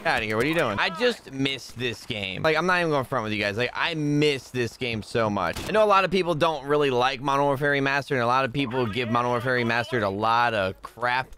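A young man commentating his own gameplay to viewers, chatting casually and bursting into loud yells when things go wrong. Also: medium pitch, fast talker, hardly any pauses, a little hiss or hum. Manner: talks to viewers, bursts into yelling rage at deaths. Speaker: gaming streamer. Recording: faint gunfire behind.

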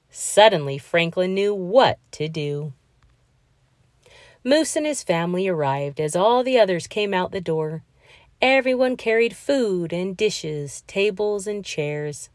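Woman reading a kids book aloud, slow and super expressive, dry close sound. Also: fairly low pitch, dry recording. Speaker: children's book reader. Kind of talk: read-aloud storytelling.

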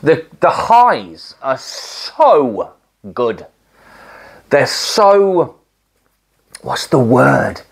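A hi-fi reviewer hosting their own channel, talking casually to camera in an excitable, gushing way full of restarts and trailing phrases. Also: mid-range voice, drawn-out words, creaky, long pauses, breathy edge. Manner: mimics sounds and drops to a hushed voice.

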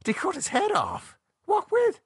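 A man voicing an excitable, foul-mouthed young man with a husky voice who swears constantly and bristles with indignation. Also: mid-range voice, normal speed, no echo, studio quality, exaggerated voice. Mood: shocked.

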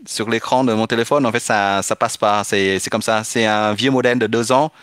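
Hesitant low-voiced streamer man. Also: fairly even intonation, brisk, fairly bright tone, clean tone, dry recording. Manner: hesitant, restarts often, switches between French and English. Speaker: live-stream gamer. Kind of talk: casual live-stream chat with viewers.

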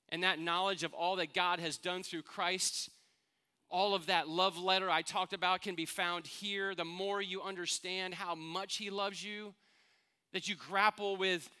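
A man in middle age preaches to his church, talking to them like a friend and asking them questions. His voice sits high for a man and rings bright. It comes through smooth and clean. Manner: earnest, conversational preaching with rhetorical questions. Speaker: pastor. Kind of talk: sermon.

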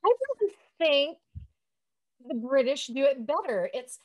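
A woman's voice: high-pitched, moderate pace. A woman co-hosting a casual chat, talking in a chatty, enthusiastic way. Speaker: co-host, historian.

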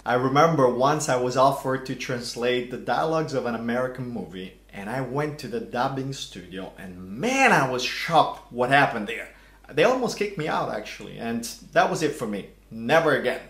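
A middle-aged man hosting a casual vlog, animated and theatrical, with mock outrage. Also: mid-range voice, normal speed. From Italy. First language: Italian. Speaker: language channel host. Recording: echoey room.

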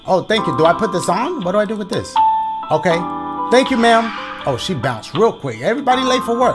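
Gamer guy, high pitched voice, joking and cursing through a playthrough, game music playing behind him. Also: sing-song, fairly quick. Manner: joking, profane, reacts loudly to scares. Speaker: gaming YouTuber. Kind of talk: casual gameplay commentary.

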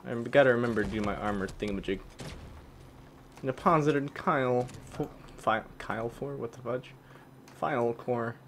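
A young man giving excitable live commentary on a video game, yelping and swapping swears for "fudge". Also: medium pitch, moderate pace, a little hiss or hum. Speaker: gaming channel host.

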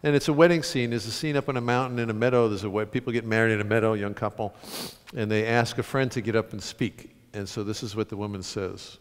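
A man from the United States, an author telling stories and reading aloud to an audience, animated, with sudden loud bursts. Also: on the low side, fast talker. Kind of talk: storytelling talk and reading to an audience. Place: large concert hall with an audience. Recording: long hall reverb.

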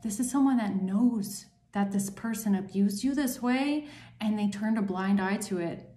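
A woman's voice: medium pitch, normal speed, warm tone, roomy sound. A woman doing a tarot reading for her viewers, angry and emphatic, swearing often. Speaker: tarot reader.

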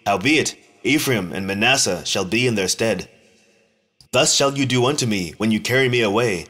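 A man reading an old religious text aloud in a slow, measured, solemn manner, with deliberate phrasing. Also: lowish voice, pushed and bright. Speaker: scripture reader.

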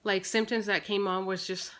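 A woman's voice: mid-range voice, little pitch movement, moderate pace, a bit bright. Chatty woman in her thirties, slightly breathless. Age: 30s. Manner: chatty, rambling with many restarts and fillers. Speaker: family vlogger. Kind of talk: casual personal vlog update.

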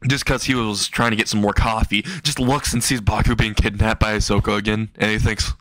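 A man's voice: fairly low pitch, little pitch movement, brisk, fairly bright tone, no room sound. A man casually narrating a silly fan-fiction story, rambling with restarts and chuckling at his own jokes.

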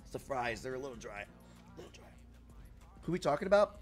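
Male streamer, casual chat with his audience, animated and crude, joking with viewers. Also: medium pitch, a little fast, soft background music. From Puerto Rico. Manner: loud, profane and playful, reacting to chat.

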